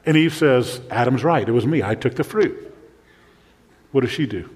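A male pastor delivers a sermon in a medium-pitched voice. He asks the listeners pointed rhetorical questions, then drops to a soft, near-whispered tone. His voice rings with the long reverb of a large hall. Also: animated, moderate pace. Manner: preaching with rhetorical questions and sudden drops to a hushed voice.

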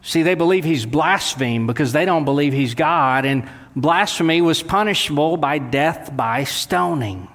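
A male pastor delivers an animated sermon in a church sanctuary. His voice sits slightly high and climbs further when he gets worked up. When he quotes scripture it drops low and slows, and a long hall reverb hangs behind every phrase. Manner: animated preaching, dropping low and slow for quoted words.

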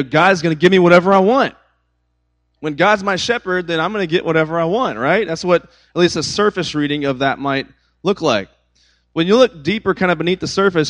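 A man's voice: a little high, fairly bright tone, poor audio. A young man with a slightly raised voice teaches a Bible study to a youth group. His tone is conversational and storytelling, and he often uses filler words like "like" and "um.". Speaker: youth pastor.

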